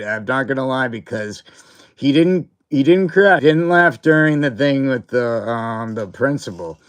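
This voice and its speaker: This man chats casually on his livestream, telling a rambling school story full of fillers and laughter. He has a medium-pitched, clean-toned voice.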